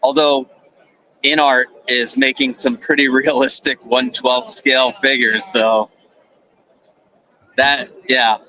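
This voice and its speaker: A man's voice: medium pitch, level tone, slow pace, pauses often, bright, forceful tone, low-quality recording. A man co-hosting a casual live stream, easygoing and a little hesitant, often restarting his sentences.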